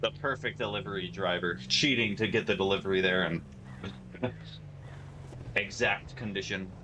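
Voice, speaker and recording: Low-voiced streamer chatting over humming noise. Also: male voice, normal speed. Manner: chatty, answers viewers' chat messages as he plays. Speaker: game streamer. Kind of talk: casual live-stream chat while playing. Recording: steady noise and hum behind the voice.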